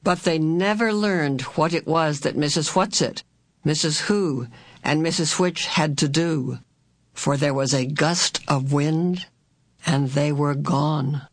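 An older woman, an author reading her own book, narrating an audiobook in a measured, expressive way. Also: sits low, no room sound.

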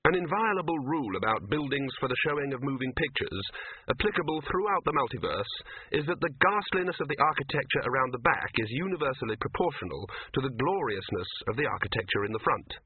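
Guy reading a story out loud, wry and lively, husky, sounds like a phone line. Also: mid-range voice, fast, dry recording. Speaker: audiobook narrator. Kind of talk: scripted narration. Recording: tinny, phone-like recording.

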